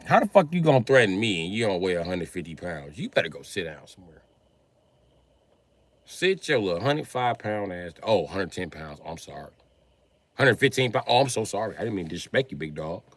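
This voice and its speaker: A man's voice: sits low, sing-song, brisk, dry recording. A man doing a profane, mocking comedy rant on a live stream, often laughing as he talks.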